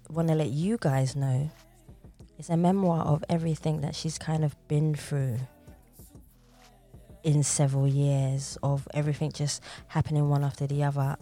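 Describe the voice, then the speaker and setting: A woman's voice: deep voice, warm tone. A woman hosting a podcast interview, enthusiastic and giggling between sentences. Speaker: podcast host. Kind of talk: casual interview.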